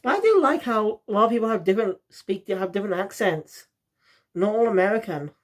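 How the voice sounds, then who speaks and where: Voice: mid-range voice, expressive, fairly quick. A reviewer from South Wales, talking in a rambling, casual way and often losing the thread.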